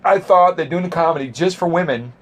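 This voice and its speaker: A man's voice: on the high side, brisk. A man who is a stand-up comedian, telling stories in casual chat with dry, self-mocking humor.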